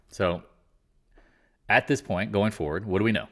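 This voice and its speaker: A man's voice: fairly low pitch, normal speed, a bit bright. A man hosting a casual live market chat, talking in a blunt, rambling and exasperated way. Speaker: market commentary host.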